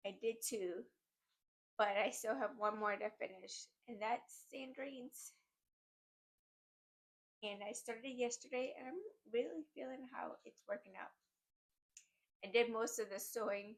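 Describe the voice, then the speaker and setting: A chatty, giddy woman talking casually into a desk mic, her voice a touch high with a gravelly, fry-laden edge. She rambles easily from one thought to the next like she's catching up with friends. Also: a little slow, long pauses. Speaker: crochet vlogger. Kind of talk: casual chat to camera. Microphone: desk microphone.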